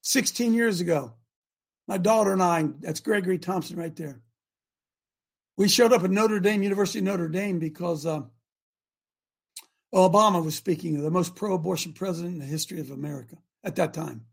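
A middle-aged man hosting a live talk show, preaching fervently to his audience with rhetorical questions and sudden shouted bursts. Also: high-pitched, a little fast, vocal fry, breathy edge.

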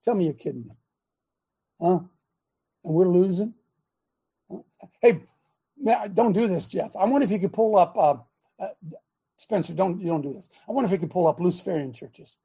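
A middle-aged man hosting a talk show, delivering a sarcastic, impassioned rant in a preaching style, swinging between shouting and muttering. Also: sits high, normal speed, long pauses, husky. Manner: sarcastic, mocking.

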